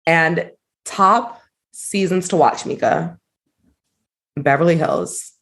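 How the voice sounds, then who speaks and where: A woman co-hosting a podcast, chatting in a gossipy, animated way and saying "like" a lot. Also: deep voice, slow. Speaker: podcast co-host. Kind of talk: casual chat.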